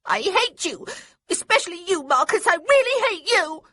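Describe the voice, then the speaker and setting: A woman's voice: high voice, sing-song, slow pace, no echo, clean studio sound, voice pushed up, heavily acted. A woman doing a prim, bossy little girl. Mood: screaming. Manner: prim and demanding, then screaming. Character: young girl, bossy and easily hurt.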